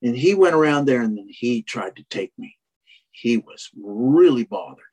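A man's voice: medium pitch, expressive, normal speed, a little mellow. A man who trains horses, telling a long personal story in a rambling way, full of restarts and "you know". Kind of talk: casual storytelling in conversation.

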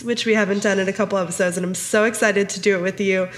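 Woman podcast host, thirties, giggly, chatty, mid-pitched voice. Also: fairly even intonation, a little fast, a bit bright, soft background music. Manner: giggly, chatty, says "like" often. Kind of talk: casual podcast chat.

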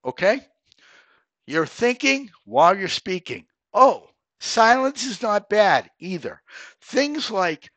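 Man, podcast host, career coaching monologue, lively up-and-down voice, slightly high, dry recording. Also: takes it slowly, no room sound. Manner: emphatic, coaching, repeats "okay?".

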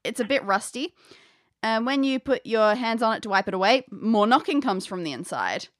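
A woman's voice: a little high, lively intonation, normal speed, no echo, studio quality. A woman narrating an audio adventure game as game master, describing scenes playfully with chatty asides.

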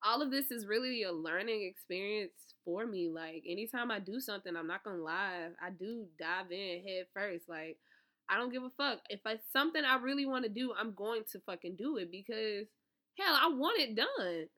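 A young adult woman on a profane, animated storytime rant to her viewers. She swings from loud outbursts to low, calmer talk. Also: moderate pace. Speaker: vlogger, author promoting an ebook.

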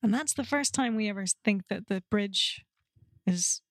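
A woman's voice: mid-range voice, moderate pace, no room sound. Teasing woman co-hosting a watchalong. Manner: teasing, easygoing, dry quips. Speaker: co-host of a film watchalong. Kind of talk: casual chat over a movie.

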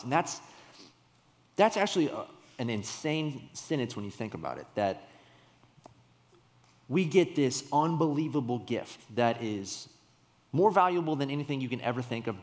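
A young adult man preaching a sermon, telling a personal story in a conversational way with sudden emphatic bursts. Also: medium pitch. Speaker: pastor. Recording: long hall reverb.

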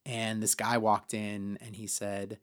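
Chatty man with a lowish voice. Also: flat delivery, takes it slowly. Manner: chatty, many fillers, acts out quotes in higher voices. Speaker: podcast co-host. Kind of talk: casual personal storytelling.

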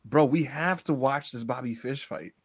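A man co-hosting a casual wrestling podcast, joking, animated and laughing often. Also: medium pitch, normal speed, gravelly, husky. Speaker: podcast co-host.

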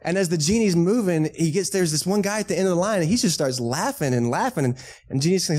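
Joking, conversational pastor with a Texan accent. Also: male voice, sits high, lively intonation, fast talker, a little mellow. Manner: conversational, joking, asks the congregation questions. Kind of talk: sermon. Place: church sanctuary.

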